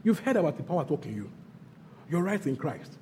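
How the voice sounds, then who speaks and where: A Nigerian-accented man preaches a sermon, his fairly high, mellow voice leaping between loud bursts and hushed asides. He hammers phrases over and over. The sound rings with long hall reverb over faint ambience. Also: sing-song, quick pace, slight background noise. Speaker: pastor.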